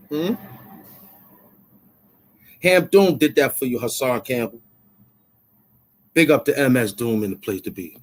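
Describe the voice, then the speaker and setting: A man hosting his own channel, taunting and repeating himself as he demands money he says he is owed. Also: mid-range voice. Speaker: YouTube show host. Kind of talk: confrontational rant to camera.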